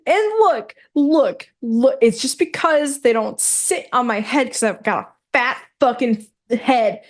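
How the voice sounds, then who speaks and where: A woman's voice: on the high side, slow. A woman co-hosting a podcast in casual chat, who rants and swears freely. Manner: ranting, swears a lot. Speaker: podcast co-host.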